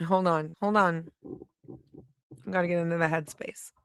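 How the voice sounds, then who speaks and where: Excitable woman chatting on a livestream. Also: lowish voice, moderate pace, smooth, dry recording. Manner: excitable, chatty, laughs often. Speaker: livestream host. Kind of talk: casual livestream chat.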